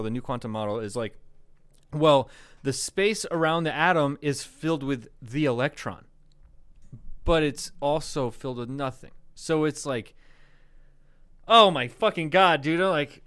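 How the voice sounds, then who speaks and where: Dude cohosting a podcast, kinda high voice, rambly, cusses a lot and laughs. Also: male voice, no echo. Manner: rambling storyteller, swears, laughs often. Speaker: podcast co-host. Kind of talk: casual chat.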